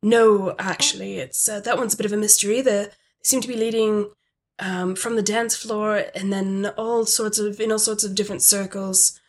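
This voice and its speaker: Fussy hurried manager, put-on British accent, low and hesitant, a woman plays it. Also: fairly even intonation, close to an everyday voice. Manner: hesitant, lots of ums, formal.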